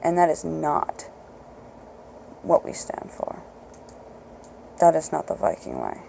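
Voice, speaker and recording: A woman's voice: deep voice, wildly swooping pitch, slow, gravelly, warm tone, slight background noise, rough recording. A woman hosting her own podcast, ranting bluntly and profanely in an unscripted solo talk. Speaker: podcast host.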